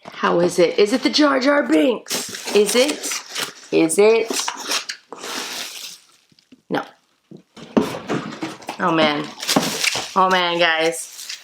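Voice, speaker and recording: A woman vlogger chatting excitedly to her viewers while opening mystery boxes for an unboxing video. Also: mid-range voice, noisy background. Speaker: toy collector vlogger. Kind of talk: casual unboxing vlog.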